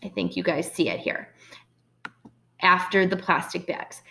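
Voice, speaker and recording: A woman's voice: on the low side, a little slow, vocal fry, bright, forceful tone, a little hiss or hum. A woman teacher recording an online writing lesson for her class, speaking patiently and encouragingly with frequent ums and okays.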